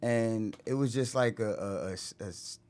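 A man guest on a podcast, speaking in a reflective, halting way with many restarts and AAVE phrasing. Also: on the low side, darkish tone. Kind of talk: casual chat.

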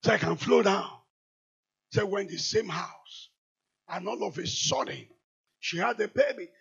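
Nigerian preacher guy, really high raspy voice, gravelly edges, muffled recording. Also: a little slow. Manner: swings from quiet storytelling to shouted declarations. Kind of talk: sermon. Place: large church hall.

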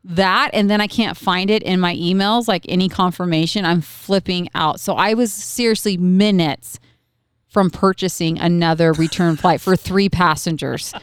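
Lively storytelling woman, smooth voice. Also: on the low side, moderate pace, no echo. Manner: animated storyteller, acts out her kids' voices. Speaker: podcast co-host. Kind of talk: casual chat.

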